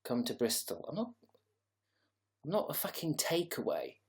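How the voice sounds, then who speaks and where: A man's voice: fairly high pitch, sing-song, moderate pace. A man hosting a casual livestream, chatting to viewers in a rambling, sarcastic, sweary way. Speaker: livestream host.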